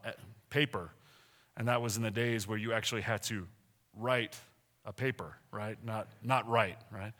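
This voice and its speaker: Middle-aged male preacher, bright and slightly high voice, emphatic and conversational, asks the audience questions. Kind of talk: sermon.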